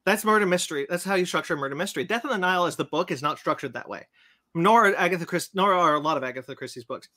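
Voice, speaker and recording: A man on a podcast telling a long, animated story about a movie he saw and acting out its scenes. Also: high-pitched, rapid-fire. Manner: animated storyteller, acts out scenes in silly voices. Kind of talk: casual chat, movie rant.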